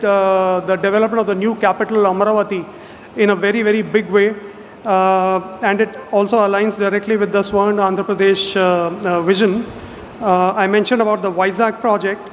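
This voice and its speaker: A man giving a measured conference speech as a development finance official, pausing often with fillers. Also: high-pitched, slight background noise. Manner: measured, frequent uh fillers and restarts. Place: large conference hall. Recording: reverberant hall with faint background ambience.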